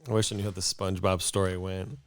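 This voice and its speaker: A man co-hosting a podcast in casual chat, relaxed and low-key in the way he talks. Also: fast talker. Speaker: podcast co-host.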